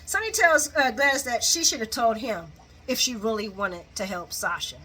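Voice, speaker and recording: A woman giving a lively, casual recap of a soap opera, laughing often and acting out the characters' lines. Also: fairly high pitch, normal speed, slight background noise. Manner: animated, laughs often, acts out quotes.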